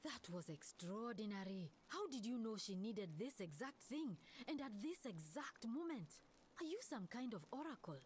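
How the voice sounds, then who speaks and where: A woman's voice: fairly high pitch, big pitch swings, normal speed, darkish tone, a little hiss or hum. An actress playing a caring woman healer who is tending a sick girl, speaking earnestly and with concern in video game dialogue.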